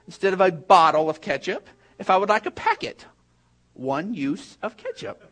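His voice sits high and a little bright as this pastor opens his sermon with an amusing personal tale and follows it with a heartfelt message to his congregation.

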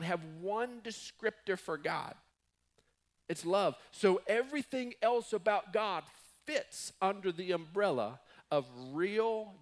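A man preaching a sermon as pastor, emphatic, stretching key words and restarting phrases. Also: high voice.

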